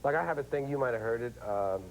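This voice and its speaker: A middle-aged man, a comedian guest who chats wryly and lively, slipping into impressions. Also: medium pitch, fast, slight background noise, poor audio. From New York. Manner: wry, animated, slips into impressions. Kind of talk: casual chat.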